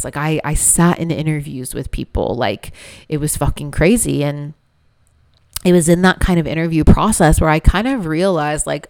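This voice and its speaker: A woman with a low voice and a gravelly fry runs through a solo podcast episode in a loose, confessional way. She swears freely and leans on fillers as she talks. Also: a little mellow. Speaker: podcast host, business coach. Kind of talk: casual solo podcast monologue.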